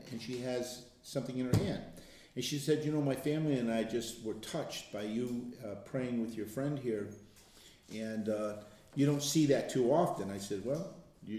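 A man talking casually to a group, telling stories and stressing points with slow, emphatic words. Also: medium pitch, a little mellow. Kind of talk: casual testimony talk. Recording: echoey room.

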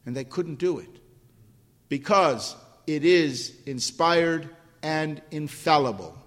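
A man's voice: a little high, slow. An older man preaching a sermon, emphatic, repeating key words and asking the congregation questions. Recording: long hall reverb.

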